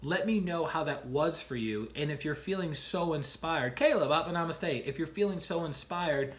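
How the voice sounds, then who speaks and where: A man with a voice pitched a little higher than most, talking casually on a livestream. He tells stories in an animated way, acts out the people in them, and keeps asking "right?" to check in with his listeners. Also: moderate pace. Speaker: life coach streaming to viewers.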